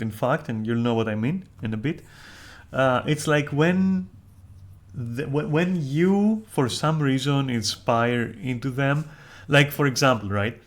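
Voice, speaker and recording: A man streamer in casual, rambling chat, candid and profane, often restarting his sentences. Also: mid-range voice.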